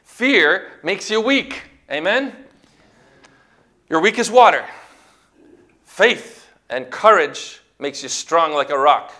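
A man's voice: on the high side, lively intonation, slow pace, pauses often, sharp tone. A man preaching a sermon, emphatic and full of rhetorical questions to his congregation.

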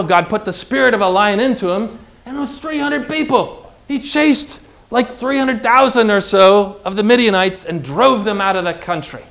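A man preaching a sermon in an emphatic, animated way, retelling Bible stories. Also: high voice.

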